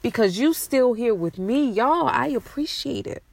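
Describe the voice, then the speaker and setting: Slow, soft-spoken woman giving heartfelt affirmations. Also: fairly high pitch, lively intonation, gravelly, no echo. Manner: slow, repetitive, soothing affirmations; emotional, tearful at times. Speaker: podcast host. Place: outdoors at night.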